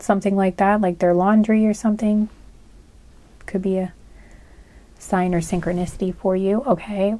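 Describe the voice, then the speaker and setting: A woman talks through a tarot reading in a loose, chatty way, with plenty of "um" and "like" as she goes. Her voice is soft and mellow rather than bright, and sits at an ordinary middle pitch. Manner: rambling and chatty, with many fillers. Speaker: tarot reader. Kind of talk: casual spoken tarot reading.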